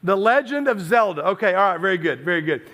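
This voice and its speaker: A man's voice: high voice, expressive, fast, fairly bright tone. A man from Tennessee giving a youth sermon, chatty and storytelling, with self-deprecating asides. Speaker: youth pastor.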